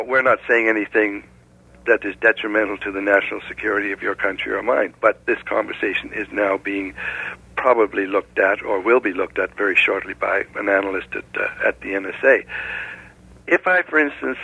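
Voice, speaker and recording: A man from Canada, speaking as a guest in a phone interview, explaining things in a measured way with hypotheticals. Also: on the low side, creaky, husky, dry recording. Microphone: telephone. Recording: tinny dry phone line.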